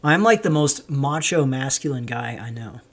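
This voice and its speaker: A man from Canada, medium-pitched and animated at a normal speed, hosts a casual livestream. He reads viewer messages out loud and answers them, rambling and saying um a lot.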